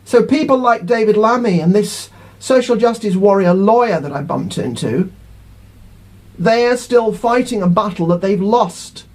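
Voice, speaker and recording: A man's voice: high-pitched, expressive, normal speed. A middle-aged man giving an indignant, rambling monologue to camera as a vlogger, repeating himself as he goes.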